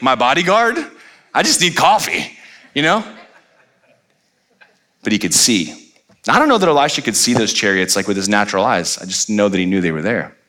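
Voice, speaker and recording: A man preaching a sermon as pastor, animated, with playful asides and rising to near-shouts. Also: low voice.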